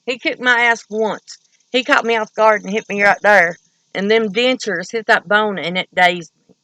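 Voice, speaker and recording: A woman's voice: mid-range voice, normal speed, bright, forceful tone, no room sound, rough recording. A woman from Kentucky telling stories in a rambling, profane, blunt way. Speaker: vlogger. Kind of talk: casual storytelling.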